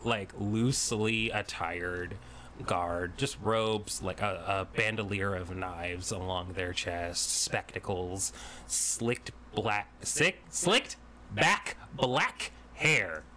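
A man narrating a tabletop game as game master, animated and rambling. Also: low-pitched, takes it slowly, a little hiss or hum.

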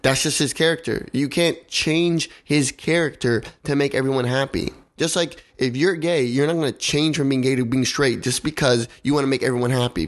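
A young man ranting in a casual podcast conversation. His voice sits at an ordinary middle pitch. He talks heatedly, curses freely and hammers his points home by repeating them. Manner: heated, swearing, repeats himself for emphasis. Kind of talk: casual opinionated chat.

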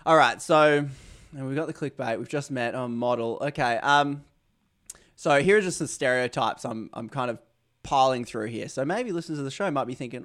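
A man's voice: mid-range voice, normal speed, a bit bright. A young Australian man hosting an interview podcast, rambling and joking at his own expense. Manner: rambling, self-mocking, jokey asides. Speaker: podcast host. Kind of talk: casual interview chat.

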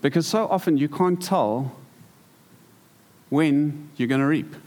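A man preaching to a church congregation, telling stories in a lively way that stumbles and repeats words. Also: fairly high pitch, unhurried. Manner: storytelling, animated, repeats words. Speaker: pastor. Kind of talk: sermon. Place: church hall.

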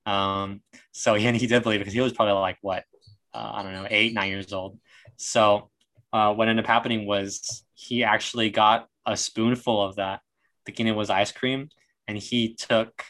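A man's voice: fairly low pitch, level tone, normal speed, fairly bright tone. A young man guesting on a podcast, telling a rambling family story with laughter and fillers. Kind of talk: casual chat.

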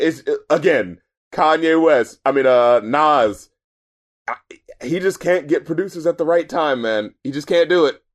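A high-voiced man talking through an album in loose, casual conversation. He gets animated, breaks into laughter often, and swears freely as he riffs on the lyrics. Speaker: podcast co-host reviewing an album. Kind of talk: casual chat.

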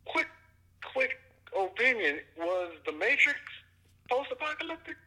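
A man's voice: very high-pitched, big pitch swings, a little slow, bright, forceful tone. A man co-hosting a podcast from a remote phone line, chatting casually and joking in a laid-back way. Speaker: podcast co-host. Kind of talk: casual chat.

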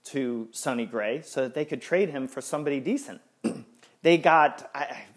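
A man hosting a sports podcast in casual chat, ranting with exasperation and stumbling restarts. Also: normal speed. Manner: lively, swinging up and down in pitch. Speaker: podcast host.

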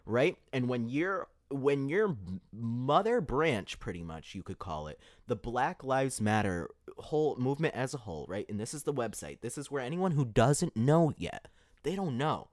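A man's voice: medium pitch, very animated, normal speed, dry recording, clean studio sound. A man hosting an opinion podcast, talking emphatically and tossing out rhetorical "right?" questions. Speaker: podcast host. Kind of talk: opinion commentary monologue.

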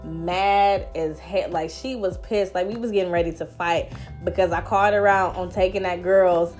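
A woman's voice: on the low side, normal speed. Young woman podcast host, slangy storytelling, phone-recorded, faint music behind. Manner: animated storytelling, slangy, laughs often. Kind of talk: casual chat. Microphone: phone app.

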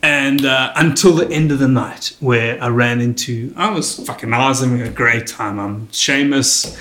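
A man telling comic stories in casual chat, animated and jumping high in pitch when he quotes people. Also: normal speed, roomy sound.

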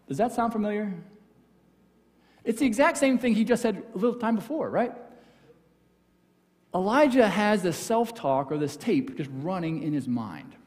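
A man preaching a conversational sermon as pastor, acting out quoted voices and dropping very soft for emphasis. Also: high voice, expressive, moderate pace, long pauses. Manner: conversational, acts out quoted voices, drops to near whisper for emphasis. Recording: church hall with long reverb.

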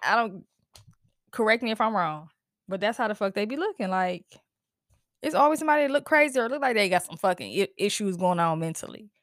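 Speaking fairly quickly at a medium pitch, a profane woman hosts a casual solo podcast rant. She vents heatedly and with animation, mixing in laughs and sighs, and the studio-quality audio carries no room sound.

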